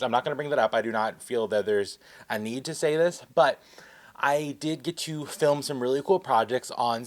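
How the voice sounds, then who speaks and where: Guy rambling thru a story time vlog, excitable and chatty, normal pitch voice. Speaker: vlogger.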